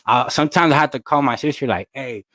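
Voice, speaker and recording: A man's voice: mid-range voice, fast talker, sharp tone, dry recording. A young man, chatting casually to his channel and rambling through stories in loose street slang. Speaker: channel host. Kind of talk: casual chat to camera.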